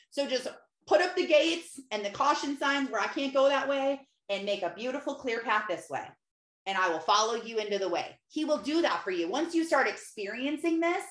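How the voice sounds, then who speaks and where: A woman's voice: on the high side, fairly bright tone, roomy sound. A woman speaking in an earnest, conversational way, teaching about prayer and acting out her own prayers as she goes. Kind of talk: faith-based teaching talk.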